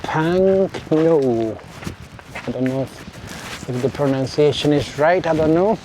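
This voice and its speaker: A man's voice: a little high, slow pace, background noise. Chatty Italian-accented man vlogging outdoors. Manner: chatty, self-correcting, apologetic asides to viewers. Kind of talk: casual walking vlog. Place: outdoors by a seaside village harbour and beach. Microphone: clip mic under a jacket.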